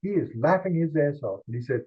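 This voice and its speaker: Older male columnist guest, husky voice, animated rambling storyteller, phone-quality audio. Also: fairly high pitch. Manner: animated rambling anecdotes, quick asides. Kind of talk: storytelling interview. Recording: tinny phone-like line.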